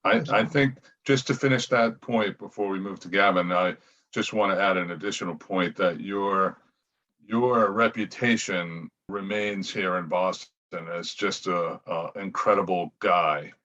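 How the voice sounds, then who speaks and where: A man hosting a podcast, asking questions in a measured, formal way. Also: low-pitched, pushed and bright. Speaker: podcast host. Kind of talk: interview questions. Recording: dull lo-fi podcast audio.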